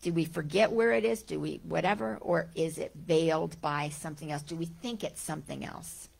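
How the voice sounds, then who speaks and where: A middle-aged woman giving a gentle, conversational spiritual talk, full of rhetorical questions and small restarts. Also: deep voice, fairly even intonation, normal speed, vocal fry, breathy edge. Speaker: spiritual teacher. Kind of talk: talk on Vedanta teaching.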